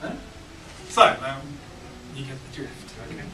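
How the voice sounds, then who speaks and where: A man leading a songwriting workshop for a small group, talking in a relaxed, halting way with plenty of ums and restarts. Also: mid-range voice, distant mic. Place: large hall with a small group. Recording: echoey room, picked up from afar, noisy.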